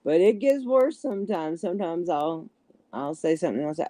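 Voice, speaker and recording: A woman's voice: lowish voice, lively intonation, a little fast, warm tone, dry recording. A middle-aged woman with a heavy Southern country accent, chatting casually on a livestream and sometimes stumbling over her words. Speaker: livestream host. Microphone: phone.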